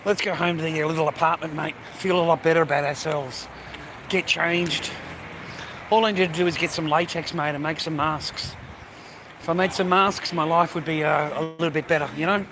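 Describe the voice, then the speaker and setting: On a city street outdoors, a young Australian man streams live to his audience, cursing and bantering in a laddish manner. He speaks at a moderate pace, his voice on the high side with fairly even intonation, against loud traffic and street noise.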